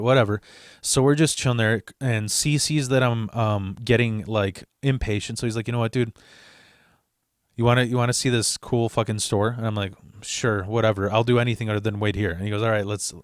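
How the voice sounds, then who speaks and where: With a medium-pitched voice and fairly quick delivery, a young man recounts a personal story casually and animatedly. He swears freely and performs the voices of others he quotes, captured in a dry, studio-quality recording.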